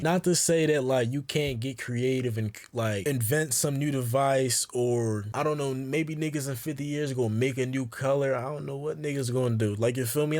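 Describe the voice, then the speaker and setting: A young man rambles through his thoughts straight to the viewer in loose street slang. His voice sits at an ordinary middle pitch, and he keeps circling back with quick asides while he reasons things out. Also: darkish tone. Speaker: YouTuber. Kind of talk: casual vlog monologue.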